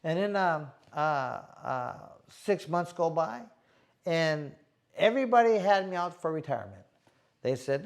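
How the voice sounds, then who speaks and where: A middle-aged man, a boxer hosting a show, telling stories in a casual, animated, slangy way and acting out what people said. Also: a little high, measured pace, vocal fry. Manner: animated, slangy, acts out quotes. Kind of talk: casual storytelling chat.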